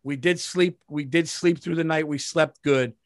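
A man hosting a podcast, telling a comic story in a casual, animated way, swearing and repeating lines for emphasis. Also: on the high side, moderate pace, no room sound, clean studio sound. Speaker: podcast host.

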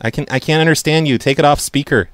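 A man making prank phone calls, acting hurt and complaining that he is being yelled at. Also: fairly high pitch, fast, dry recording. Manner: mock-emotional, whiny complaints. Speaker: prank caller.

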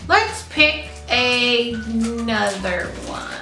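A woman's voice: fairly high pitch, expressive, normal speed, pushed and bright. A young woman vlogging, chatting expressively and squeamishly while taste-testing snacks. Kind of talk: casual snack taste-test chat. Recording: echoey room with light music.

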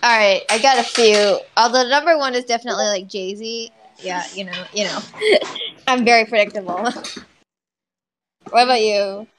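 A woman's voice: mid-range voice, moderate pace, background noise. Chatty woman saying "like" a lot. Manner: chatty, heavy use of "like", laughs often. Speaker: channel host reading viewer questions. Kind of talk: casual chat.

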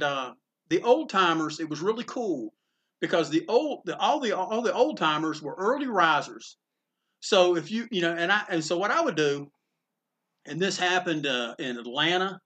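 Standing in his comic book store, the owner, a man from Greensboro, North Carolina, tells a casual story that keeps restarting and wandering into asides. His voice is a little high, with a fairly bright tone.

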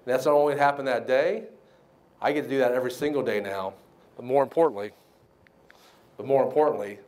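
A man giving a motivational banquet speech, telling his story with lively acted-out quotes. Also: medium pitch, brisk. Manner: animated storyteller, acts out quoted voices. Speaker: keynote speaker. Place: banquet hall.

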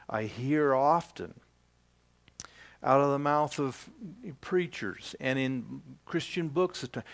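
Older guy pastor preaching, slow and easy, lots of pauses. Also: medium pitch, fairly bright tone. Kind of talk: sermon. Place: church.

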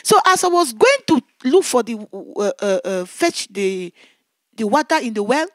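A woman evangelist telling a testimony in fervent preaching, shouting her prayers and recounting events vividly. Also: a little high, sing-song, normal speed, no echo, studio quality.

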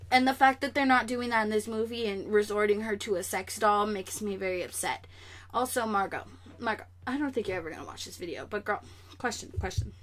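A young woman vlogger chatting casually and sassily about comic news, animated and straight to the camera. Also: fairly high pitch.

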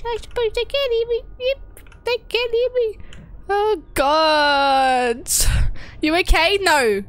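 A woman's voice: very high-pitched, slow pace, a bit bright. A young woman streamer giving jumpy, swear-heavy horror game commentary and talking to her chat. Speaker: gaming streamer.

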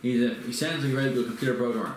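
A man chatting casually at home, mostly murmuring agreement and making dry, deadpan jokes. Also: medium pitch, rapid-fire. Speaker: partner joining the chat. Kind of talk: casual chat. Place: home kitchen. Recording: very echoey room, noisy.

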